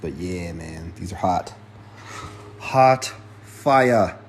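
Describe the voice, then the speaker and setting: A man's voice: sits low, expressive, extremely slow, pauses often. A man doing a casual sneaker unboxing vlog, loose and profane, with muttered asides. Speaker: sneaker vlogger.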